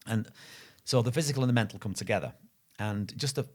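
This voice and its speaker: Middle-aged male guest, low and rapid, rambling storyteller who keeps restarting his sentences. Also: darkish tone. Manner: chatty, rambling, with self-corrections. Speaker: guest, Thai boxing instructor. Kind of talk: casual storytelling in conversation.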